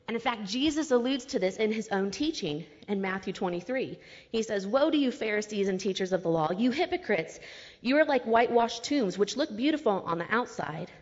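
A woman giving a casual, chatty Bible teaching with slang asides, explaining verses in everyday terms. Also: medium pitch. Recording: long reverb, dull lo-fi sound.

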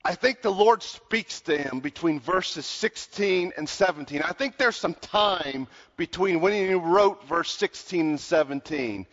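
A man preaching a sermon in earnest, slowing down to stress his points, in a large hall. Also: sits high, fairly bright tone. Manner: earnest, slows down to stress lines. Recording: dull sound with long hall reverb.

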